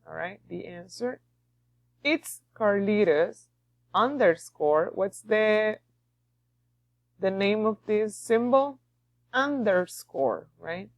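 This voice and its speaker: A woman's voice: mid-range voice, no room sound. A woman teaching a beginner English lesson, patient and repetitive, often checking in with her students. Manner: slow, patient, repeats and checks understanding.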